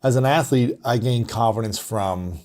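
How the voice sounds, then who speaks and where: A man's voice: mid-range voice, moderate pace, darkish tone. A man hosting a casual interview, asking curious, probing questions. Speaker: interview host, former athlete.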